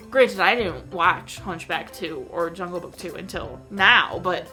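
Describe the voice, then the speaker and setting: A young woman hosting a film review channel, chatting casually and excitedly, with lots of fillers. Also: fairly low pitch, a little slow, faint music behind. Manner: animated, gushing, filler-heavy with frequent "like". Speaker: host reviewing films. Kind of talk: casual chat.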